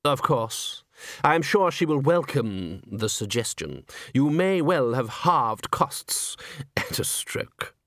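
A man voicing a cold, humorless theatre manager who speaks in a slow, measured, dry way. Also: medium pitch, sing-song, fairly bright tone, no room sound, heavily acted.

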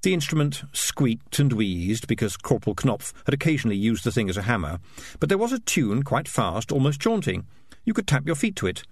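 A man narrating an audiobook as an expressive storyteller. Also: medium pitch, brisk, husky, dry recording, studio quality.

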